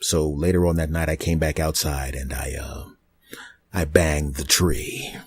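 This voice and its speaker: A man hosting a comedy podcast, rambling in a deadpan, absurd monologue on a close mic. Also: very deep voice, unhurried, breathy edge.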